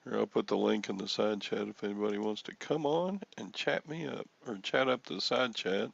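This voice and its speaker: A man's voice: lowish voice, moderate pace, gravelly, breathy edge, lo-fi sound. A man hosting a casual livestream chat, joking and rambling, with frequent chuckles. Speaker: livestream host.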